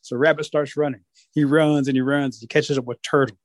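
A man's voice: mid-range voice, little pitch movement, brisk, no echo. A man, telling folksy stories in casual conversation. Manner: folksy, with playful animal voices. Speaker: storyteller. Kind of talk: casual storytelling.

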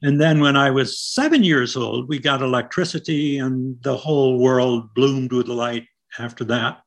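An older American man from Iowa, a poet and writer, recalling his past in an unhurried, reflective interview style. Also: medium pitch. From Iowa, United States. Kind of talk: reflective conversational storytelling.

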